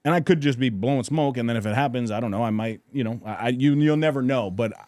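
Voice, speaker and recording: A man's voice: mid-range voice, quick pace, darkish tone, dry recording, studio quality. A man in casual podcast conversation, talking in an earnest, reflective way with frequent restarts and self-corrections.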